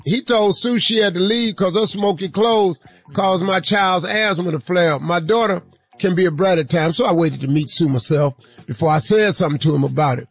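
A man's voice: high-pitched, moderate pace, fairly bright tone, slightly rough. A man hosting a radio advice segment, reading a letter aloud with playful, drawling comic asides.

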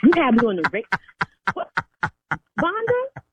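A woman's voice: medium pitch, lively intonation, brisk, noisy background. A woman on the phone as a church sign language interpreter, stern and indignant, calling on the Lord. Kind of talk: heated phone argument. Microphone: telephone. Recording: tinny phone line.

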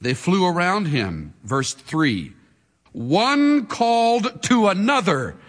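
Dramatic preacher man, high lively voice. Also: slow, big-room sound. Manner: dramatic preaching, swinging from hushed to shouting. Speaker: pastor. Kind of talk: sermon.

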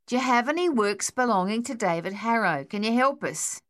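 A woman's voice: on the high side, animated, a little fast, a bit bright, voice pushed up. A woman voicing a brusque, impatient woman in an audiobook, blunt and insistent. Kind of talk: audiobook character voice.

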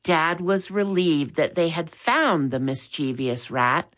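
Slow, expressive woman reading a story. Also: deep voice. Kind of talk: reading a children's chapter book aloud.

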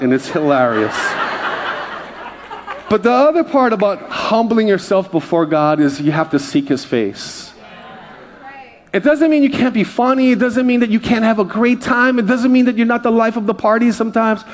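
A man pastor preaching a conversational sermon and joking with the congregation. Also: high voice.

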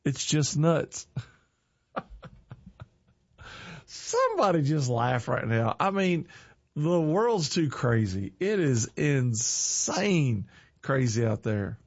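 A middle-aged man with a drawl chats casually and tells corny jokes, chuckling at them himself. His voice sits at an ordinary pitch and has a folksy, earnest manner. The recording is dry and a little dull. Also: very animated, slow pace, pauses often, no room sound. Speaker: online show host.

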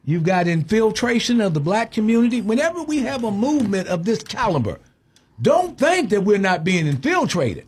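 A man hosting a call-in radio talk show, arguing forcefully and cutting in with repeated objections. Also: sits high, sing-song, normal speed, husky. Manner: forceful, interrupts, repeats himself. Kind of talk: heated call-in debate. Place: radio studio.

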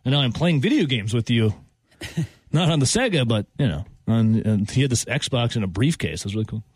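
A man, hosting a sports talk show and telling stories with lively acted-out quotes and frequent laughter. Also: medium pitch, a little fast, husky, dry recording. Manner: animated storyteller, acts out quotes, laughs often. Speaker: radio host. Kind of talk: casual sports talk banter.

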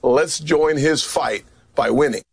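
A man giving a forceful, emphatic political campaign-style speech. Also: a little high, slow, creaky, slightly rough, no echo.

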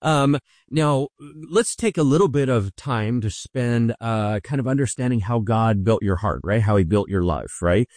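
A man's voice: medium pitch, lively intonation, normal speed, darkish tone, no echo, studio quality. A man, a pastor hosting an interview program, speaking in an encouraging, affirming way to his guest.

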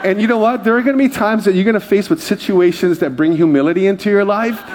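A man's voice: sits high, quick pace, noisy background. A male pastor preaching a conversational sermon, mixing humor and personal stories and calling out to the congregation. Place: church service.

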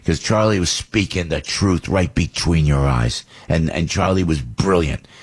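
A middle-aged man hosting a radio talk show, giving his opinions in a heated, animated way, his voice jumping high on outbursts and dropping low on asides. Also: a little slow, slightly rough.

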